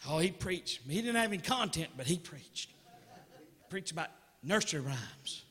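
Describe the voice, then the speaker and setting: A man from Georgia with a Southern American accent, doing animated stand-up storytelling and teasing the crowd. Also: a little high, unhurried, in a large hall. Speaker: comedian. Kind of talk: stand-up comedy.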